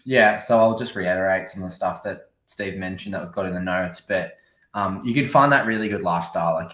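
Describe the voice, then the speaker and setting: An Australian man with a very low voice co-hosts a casual podcast and works through his points steadily. His voice carries a roomy echo. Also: fairly bright tone. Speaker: podcast co-host.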